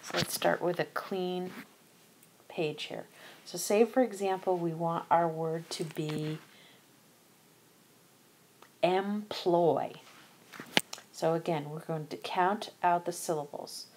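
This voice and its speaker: A woman's voice: lowish voice, fairly even intonation, measured pace, darkish tone, a little hiss or hum. A woman narrating an instructional screencast as a teacher, methodically sounding out letters and syllables one by one. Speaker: teacher educator.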